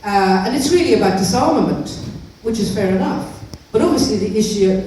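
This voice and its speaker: A woman's voice: mid-range voice, dark tone, recorded from a distance, a little hiss or hum. Earnest woman speaking in an echoey hall. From Northern Ireland. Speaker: activist speaker. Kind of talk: public speech.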